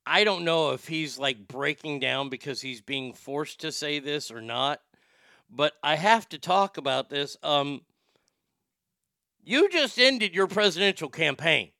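Bright, crisp-voiced man riffing casually. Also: a little high, lively intonation, unhurried, no room sound, studio quality. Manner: rambling, sighing, swearing. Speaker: streamer reacting to clips. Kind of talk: casual commentary.

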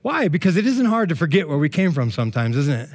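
A male pastor giving a sermon in a lively, joking, conversational way. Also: a little high, fast talker.

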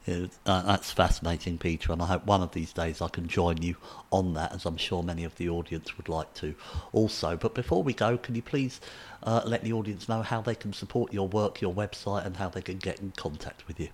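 A man hosting a radio interview, relaxed and hesitant with many fillers. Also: sits low, a little fast. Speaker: radio show host.

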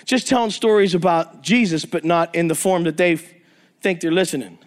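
A man preaching to a men's ministry, telling jokey, animated stories and acting out the people in them. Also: on the high side, fairly quick. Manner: animated, acts out quoted voices, jokey asides. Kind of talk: energetic storytelling sermon. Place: church or men's meeting hall.

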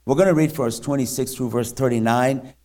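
Man, missionary preacher in church; halting, filler-heavy delivery, mid-pitched voice. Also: mellow. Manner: halting, many fillers and restarts. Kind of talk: sermon with scripture reading.

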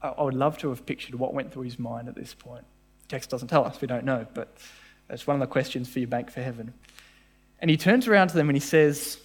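A man preaching to a church congregation, his voice sitting a little higher than most men's. He is animated and talks straight to the people in front of him, and he slips into acted voices whenever he retells a scene. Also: quick pace. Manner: animated, acts out voices in quoted dialogue. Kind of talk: sermon.

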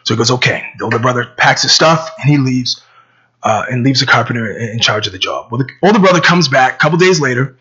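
A man's voice: medium pitch, quick pace, bright, forceful tone, slightly rough, muffled recording. A man preaching a sermon, telling a story conversationally with stammering repeats, then praying.

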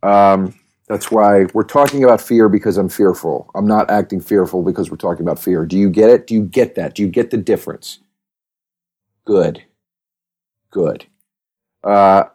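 Ranting man with a deep, mellow voice. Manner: rambling, animated, profane rants. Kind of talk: comedic monologue.

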